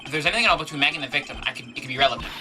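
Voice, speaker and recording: A woman's voice: rumbling low, rapid-fire, sharp tone, faint music behind. A woman voicing an earnest young male lawyer who questions people politely.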